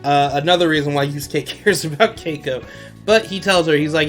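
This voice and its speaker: A male podcast host recaps an episode in a loose, slangy way and laughs often. His voice sits a little high for a man. Faint guitar music plays behind him. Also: fairly quick, a bit bright.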